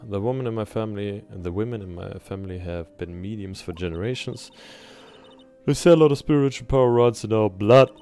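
A man's voice: lowish voice, brisk, warm tone, smooth, soft background music, lightly acted. A man reading aloud the lines of a lonely, earnest young woman who is a spirit medium in a video game, in his own plain voice. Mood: somber.

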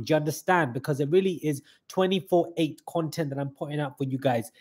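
A young man hosting a live reaction stream, excitable and hyped, calling out "guys" often, with a slightly stuffy nose. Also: on the high side, fast, few pauses, breathy edge. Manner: excitable hype talk, keeps saying "guys".

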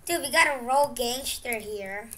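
A young woman from the Philippines giving excitable gaming commentary, breaking into loud exclamations. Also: on the high side, normal speed. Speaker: gaming vlogger.

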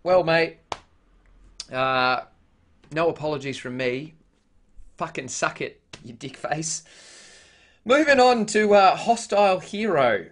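A man's voice: a little high, lively intonation, measured pace, long pauses, a bit bright. An Australian man vlogging casually, blunt and heavily profane, with frequent filler sounds. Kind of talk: casual vlog chat.

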